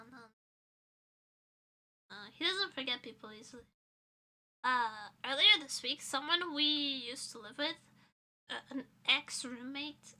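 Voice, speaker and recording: A woman's voice: sits high, bright, forceful tone. A young woman streamer in casual chat with a sore throat, playful and giggly, cracking crude jokes.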